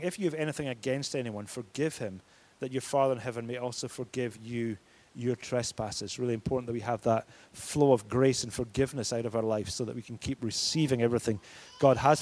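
Emphatic preacher man, slightly high voice. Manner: emphatic, declaring, rising and falling in force. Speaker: pastor. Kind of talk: sermon.

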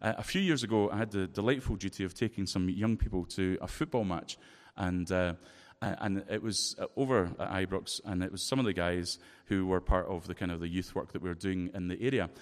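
A Scottish-accented man delivers a sermon built around a personal anecdote. His voice sits somewhat low and he tells the story expressively. The sound carries the long reverb of a big hall. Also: fairly quick, hardly any pauses. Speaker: preacher.

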